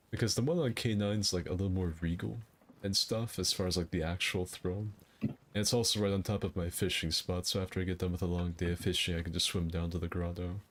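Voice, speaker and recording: A man's voice: sits low, fairly even intonation, fast talker. A man hosting a gaming session, chatting casually with friends in a joking, rambling, profane way. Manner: joking, swearing, rambling banter. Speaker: gaming channel host. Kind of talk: casual gameplay chat with friends.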